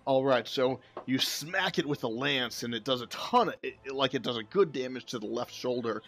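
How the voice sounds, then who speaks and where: A male game master narrating a tabletop fight in a loose, casual way. His speech is full of fillers and easy chuckles, and his voice sits at an ordinary pitch. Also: expressive, moderate pace, fairly bright tone.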